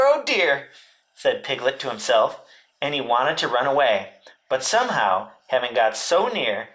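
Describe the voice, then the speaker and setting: A man, a teacher, reading a children's storybook aloud in an expressive way. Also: medium pitch.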